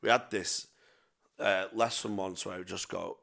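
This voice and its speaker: A man's voice: low voice, steady tone, fairly quick, creaky, fairly bright tone, slightly rough. A young man telling sweary, rambling stories in casual chat as a podcast co-host. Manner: sweary, rambling anecdotes with self-mocking laughs.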